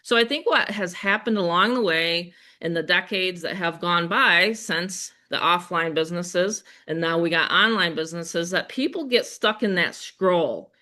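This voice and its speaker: An older woman with a Western New York accent, hosting a live webinar sales pitch in a chatty, upbeat way, speaking straight to her audience. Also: normal speed, few pauses, sharp tone. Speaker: webinar host.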